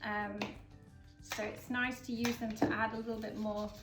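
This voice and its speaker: A woman's voice: fairly high pitch, little pitch movement, moderate pace. Chatty woman in an echoey room. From England. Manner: chatty, upbeat, explaining with many fillers. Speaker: florist host. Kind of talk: casual flower-arranging demonstration. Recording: roomy echo, mic at a distance, faint background music.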